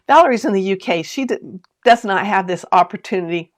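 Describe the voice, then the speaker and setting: A sewing channel host runs a live stream from home, chatting straight to viewers, reading out their comments and laughing often while telling a story, full of asides and questions. Her mid-range voice has lively intonation at normal speed.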